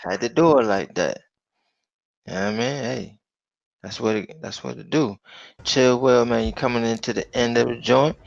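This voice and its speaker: A man's voice: medium pitch, moderate pace, gravelly, no room sound, highs cut off. A man hosting a casual sports talk show, laid-back and drawling with lots of fillers. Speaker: host.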